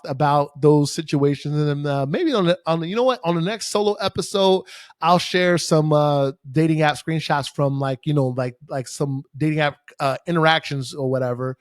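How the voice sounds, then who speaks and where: A young podcast host tells stories solo at a moderate pace, his fairly high voice casual and profane as he rants in exasperation with lots of fillers and swearing. Recorded on a studio microphone facing the camera, the audio is dry and studio quality.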